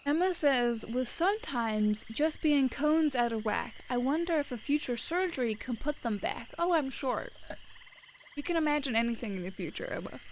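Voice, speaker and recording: A woman streamer sits at her desk at home, reading viewer messages in a casual live-stream chat. Her high, expressive voice moves at normal speed as she swears freely and rambles with filler words, on a rough recording with light background hiss.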